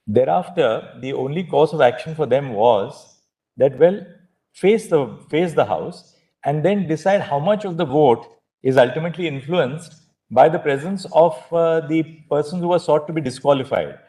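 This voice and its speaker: A man with an Indian English accent speaking from the bench as a judge, measured, summing up the facts and steering counsel's argument. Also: on the high side, animated, mellow. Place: courtroom.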